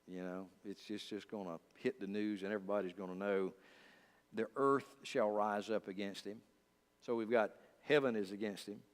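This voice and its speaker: A male pastor teaching a Bible study in a conversational way, speaking straight to his listeners with lively asides. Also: on the low side. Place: church. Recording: long church reverb.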